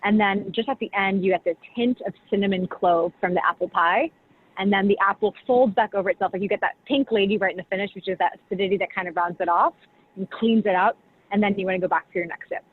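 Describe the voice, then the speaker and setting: A husky-voiced woman of medium pitch talks fast as a guest on a tinny, faintly hissing video call. She's a champagne brand director giving a casual explanation, chatty and peppered with "like" and "you know."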